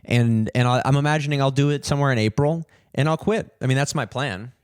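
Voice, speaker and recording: A young man hosting a podcast, telling a story in an animated, swearing rant and mimicking people in higher voices. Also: fast talker, smooth, no room sound, clean studio sound. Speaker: podcast host, comedian.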